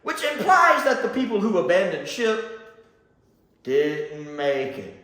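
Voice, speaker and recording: Guy from mississippi chatting away about a tv episode, lively voice that jumps around, laughs a lot, really echoey room. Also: high-pitched, slow pace. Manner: animated and chatty, laughs often, does mocking voices. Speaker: reviewer. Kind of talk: casual review commentary.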